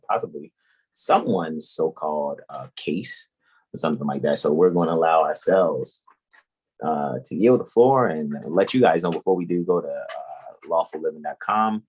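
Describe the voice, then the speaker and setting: Male livestream host, deep and husky, animated and preachy. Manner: preachy and animated, greets chat members. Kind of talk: casual livestream chat.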